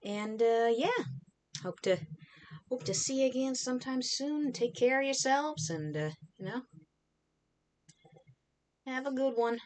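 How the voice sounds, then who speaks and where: A woman's voice: high voice, a little slow, long pauses, a little hiss or hum. A woman hosting a live cooking stream, chatting casually while she eats. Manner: relaxed, talking while eating. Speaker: livestream host.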